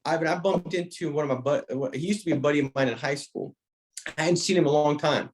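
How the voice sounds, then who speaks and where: A man's voice: fairly high pitch, fast talker, slight background noise. A man giving a motivational talk to sales agents, with an emphatic, preacher-like cadence, repeating phrases and restarting his sentences. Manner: frequent restarts, speaks directly to a listener by name. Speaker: insurance sales trainer.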